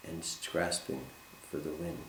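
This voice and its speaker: A man with a very deep, gravelly voice leads a Bible study in an earnest, measured way and reads scripture aloud. The room is echoey and has a faint hiss behind him. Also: a bit bright.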